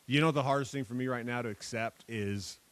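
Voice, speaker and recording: Male podcast co-host, mid pitch, dry close sound, animated and self-mocking, swears freely. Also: brisk, no echo. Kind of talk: casual chat.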